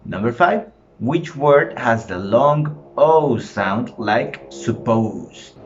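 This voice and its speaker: A man teaching an online lesson, drawing out his prompts slowly for the class. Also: medium pitch, expressive. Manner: slow, drawn-out classroom prompting. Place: home. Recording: dull lo-fi home recording, faint room noise.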